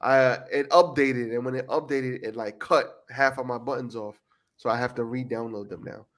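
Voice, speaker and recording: A man co-hosting a late-night podcast stream in a tired, rambling way. He jokes at his own expense, swears a lot and lets his sentences trail off. His voice sits at an everyday middle pitch. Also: fairly even intonation, moderate pace. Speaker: podcast co-host. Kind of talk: casual livestream podcast chat.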